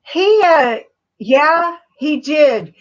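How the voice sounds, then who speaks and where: A middle-aged woman speaking as a guest in a casual call interview, halting and plain-spoken. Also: high-pitched, animated, lo-fi sound.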